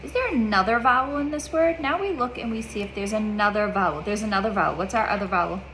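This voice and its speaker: A woman's voice: medium pitch, expressive, quick pace, a bit bright, slight background noise. A woman teaching a child reading in a one-on-one lesson, patient, repeating her questions and checking in with "okay?".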